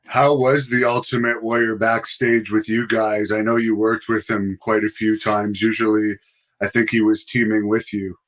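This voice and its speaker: A man hosting a podcast, asking his guest measured, plainly phrased questions. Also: fairly low pitch, level tone, a bit bright. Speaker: podcast host. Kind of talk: interview questions.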